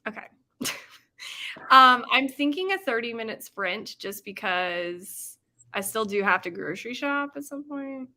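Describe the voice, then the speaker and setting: Giggly, bright-voiced young woman host. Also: mid-range voice, lively intonation, unhurried. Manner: giggly and rambling, laughs often mid-sentence; self-conscious over-explaining. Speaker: livestream host. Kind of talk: casual live-stream chat.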